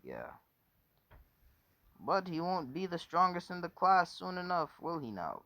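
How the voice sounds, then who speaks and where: A man's voice: high-pitched, huge pitch swings, unhurried, sharp tone, no echo. A man casually telling a made-up story off the cuff, rambling, correcting himself often and swearing. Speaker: fan fiction storyteller.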